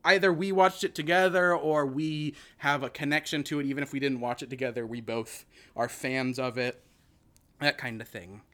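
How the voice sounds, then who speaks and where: Podcast host, man with a bright, sharp voice, loose joking delivery. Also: medium pitch, steady tone, moderate pace. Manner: rambling, joking, many restarts. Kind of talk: casual chat.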